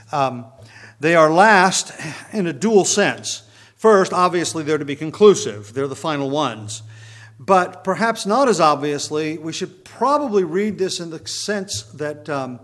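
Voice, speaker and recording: A man's voice: mid-range voice, a bit bright. Man teaching a Bible passage. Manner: explanatory, with frequent ums and restarts.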